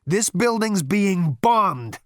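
A man voicing a brash, excitable male ex-president of the galaxy, loud, jumpy and wisecracking. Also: a little high, unhurried, no echo, studio quality, pitched above the performer's own voice. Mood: excited alarm.

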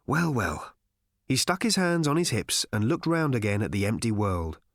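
Male audiobook reader, wry and lively in pitch, close and dry. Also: fairly quick, no room sound. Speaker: audiobook narrator. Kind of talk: scripted narration.

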